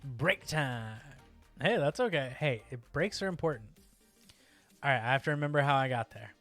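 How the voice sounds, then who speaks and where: Guy streaming a game, middle-pitched voice, chatty and rambling, yelps at stuff, faint music behind. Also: lively intonation, moderate pace, a bit bright. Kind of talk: casual gameplay chat.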